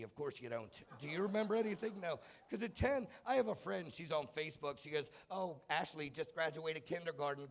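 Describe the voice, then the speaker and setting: Wry stand-up comedian, man in his thirties. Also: fairly high pitch. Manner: wry, self-mocking storytelling with shouted punchlines. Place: comedy club stage. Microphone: handheld stage mic.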